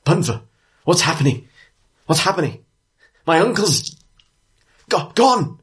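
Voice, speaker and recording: A man's voice: a little high, sing-song, unhurried, a bit bright, pitched above the performer's own voice. A man doing a frantic dwarf barmaid. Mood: panicked. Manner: pleading, repeated panicked questions. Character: frantic dwarf woman bartender, frightened and pleading.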